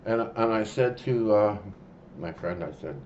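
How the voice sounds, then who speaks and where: A man telling a personal story in a rambling, halting way, full of fillers and restarts. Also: lowish voice, a little mellow, highs cut off, a little hiss or hum. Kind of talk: casual spoken storytelling.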